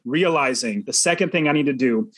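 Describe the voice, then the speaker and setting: A man's voice: mid-range voice, fairly quick, a bit bright, no echo. A man guest on a podcast, earnestly telling a vivid personal story in an interview. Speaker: podcast guest, real estate investor.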